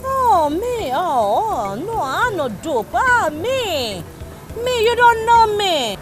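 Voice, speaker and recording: An actress playing a boastful Congolese woman who pitches money schemes in broken English with a French-tinged accent and frequent laughs. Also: big pitch swings, takes it slowly, over loud music, exaggerated voice. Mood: boastful, wheedling. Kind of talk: comedy film acting.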